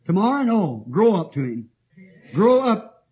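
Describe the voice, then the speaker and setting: A man's voice: high-pitched, big pitch swings, measured pace, a little mellow. A man preaching a sermon, reading scripture and telling stories in an emphatic way, often laughing. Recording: dull lo-fi old tape.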